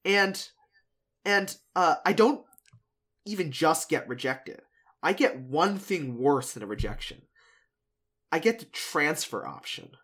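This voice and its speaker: Young man, podcast host, lively swinging pitch, casual chat, quick laughs, animated storytelling. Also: breathy edge. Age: young adult.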